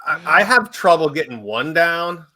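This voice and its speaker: A man's voice: a little high, expressive, a little slow, bright, forceful tone. A man co-hosting a casual podcast, easygoing and throwing in dry quips. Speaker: podcast co-host.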